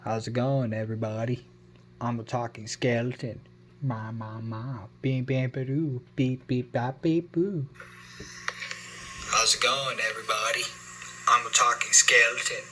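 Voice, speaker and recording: A man's voice: medium pitch, steady tone, unhurried, bright, forceful tone, a little hiss or hum, rough recording. A man voicing a cheery male cartoon skeleton in a phone avatar demo, with playful sing-song nonsense sounds.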